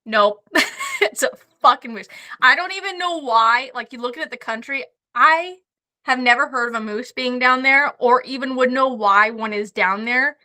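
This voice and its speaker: A woman tells hunting stories as a podcast guest, her voice high and bright. She swears freely and laughs her way through the tale, talking casually. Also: moderate pace. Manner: profane, laughing anecdotes. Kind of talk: casual storytelling.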